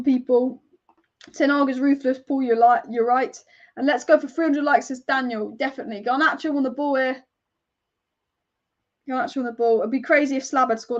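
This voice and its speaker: Young woman, high-pitched, chatty fan host reacting live, casual swearing, slightly dull lo-fi sound. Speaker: football fan channel host. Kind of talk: live match watch-along commentary.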